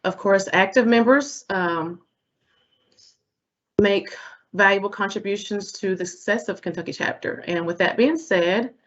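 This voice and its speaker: A woman hosting a remote HR chapter meeting, speaking warmly and laughing lightly between remarks. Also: medium pitch, a little slow. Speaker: meeting host. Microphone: video call. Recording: dull lo-fi webinar audio.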